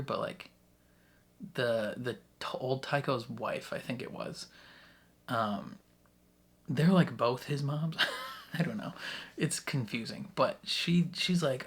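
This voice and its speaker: Excitable man laughing through his reactions. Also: mid-range voice. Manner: excitable, laughs often between thoughts; rambling with many restarts and fillers. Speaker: YouTube reaction host. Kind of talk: casual reaction commentary.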